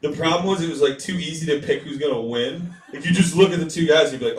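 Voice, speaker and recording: A man's voice: fairly high pitch, fast, far from the mic, very noisy. A man performing a stand-up set, telling rambling, profane stories and talking to the crowd. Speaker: stand-up comedian. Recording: echoey room picked up from afar with loud crowd.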